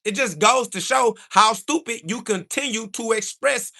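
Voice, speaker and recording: A man with a very high-pitched, gravelly voice hosts a livestream at normal speed, answering chat in a combative, preachy monologue. He insults his critics repeatedly and rises to a shout when he gets heated.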